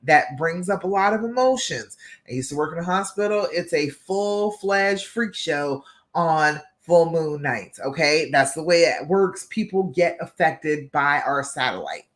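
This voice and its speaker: A woman's voice: low voice, lively intonation, unhurried. A woman hosting a live stream as a love coach, talking encouragingly and often checking in with her listeners. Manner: encouraging, keeps checking in with "okay?".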